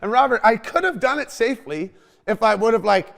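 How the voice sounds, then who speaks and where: A young man hosting a casual chat, telling a lively, swearing, laughing story. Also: very high-pitched, a little fast, creaky. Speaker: podcast host.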